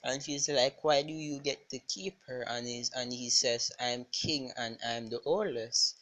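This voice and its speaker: A speaker improvising a fan-fiction story aloud, rambling and halting, with many fillers and restarts. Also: medium pitch, steady tone, fairly bright tone.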